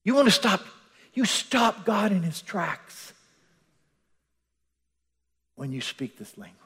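A male preacher delivering a sermon in a lively voice that rises and falls. He acts out scenes and swings between loud lines and near-whispers, with a long reverb trailing off the walls of a big church hall. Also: sits high, slow pace, long pauses.

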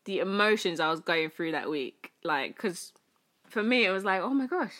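A woman's voice: on the low side, lively intonation, moderate pace, a bit bright. A young woman with a British accent, a podcast guest telling a personal story in casual chat, full of fillers and acted-out quotes. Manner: chatty storytelling, many fillers, acts out quoted speech.

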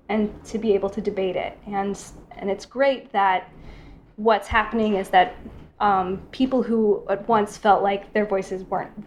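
A woman illustrator talks on a podcast panel. She is thoughtful and halting and often restarts her sentences. Her voice sits at a middle pitch, with faint background noise.

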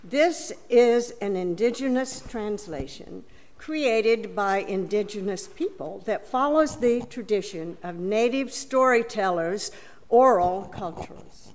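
A woman leading worship, who introduces and reads the gospel lesson in a church service with measured, deliberate delivery. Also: medium pitch, animated. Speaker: worship leader reading scripture. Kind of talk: scripture reading in a church service. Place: church sanctuary.

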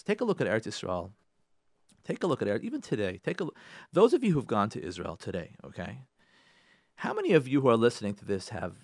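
Man, rabbi, radio show host, emphatic repetition, very animated pitch, dry close sound. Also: no echo. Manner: emphatic, repeats key phrases for stress. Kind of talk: radio talk on Torah and marriage.

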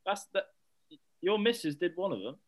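A man's voice: sits high, very animated, normal speed. A man co-hosting a podcast, chipping in jokey short quips in casual chat. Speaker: podcast co-host.

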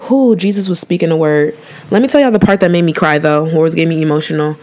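Woman, podcast host, slangy, earnest, fairly low voice. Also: fast talker. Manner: chatty, earnest, slangy, with animated bursts. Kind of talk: casual faith podcast chat.

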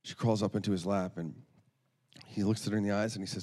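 A man's voice: lowish voice, fairly even intonation, quick pace, darkish tone. A man preaching through a story, earnest, often restarting and repeating words. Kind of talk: storytelling sermon.

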